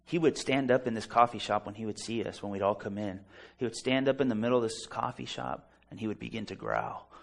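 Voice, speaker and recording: A man's voice: on the low side, lively intonation, fairly quick, gravelly. A man preaching a sermon, delivering it fervently and emphatically with personal stories. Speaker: pastor.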